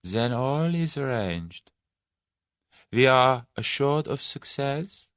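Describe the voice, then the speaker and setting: A shadowy mastermind with a soft, hissing, sibilant voice, voiced by a male audiobook narrator. He sounds quiet and dangerous, pitched a little higher than the narration, in a dry close sound. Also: sing-song, moderate pace, dry recording. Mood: menacing. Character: shadowy crime boss Number One, soft, menacing man.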